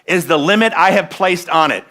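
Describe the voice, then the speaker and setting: A man's voice: high voice, normal speed, bright, forceful tone. A man minister preaching a sermon to his congregation in a conversational way, asking them questions. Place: church sanctuary.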